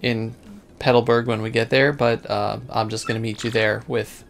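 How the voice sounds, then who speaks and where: A man casually commenting on his gameplay, thinking out loud with frequent ums. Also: medium pitch, little pitch movement, moderate pace, gravelly. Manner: laid-back, thinking out loud with many ums. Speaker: let's play host. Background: game music.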